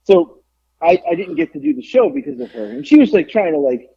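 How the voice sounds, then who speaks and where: A man's voice: very high-pitched, brisk, creaky, breathy edge. A man on a podcast telling a wrestling story in casual, profane chat, acting out what others said. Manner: animated, profane, acts out quotes. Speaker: podcast guest, pro wrestler. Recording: dull lo-fi audio.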